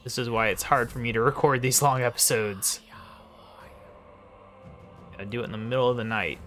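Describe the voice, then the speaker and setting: Bright-voiced man muttering game commentary. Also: medium pitch, moderate pace, faint music behind. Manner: mumbles quiet asides, sometimes whispers. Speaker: let's play host. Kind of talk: casual gameplay commentary. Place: at home late at night.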